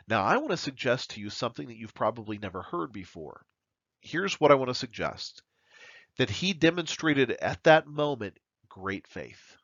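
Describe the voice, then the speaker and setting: Earnest male preacher, lively delivery. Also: mid-range voice, no echo, lo-fi sound. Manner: earnest, emphatic preaching with dramatic pauses. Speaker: pastor. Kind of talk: sermon.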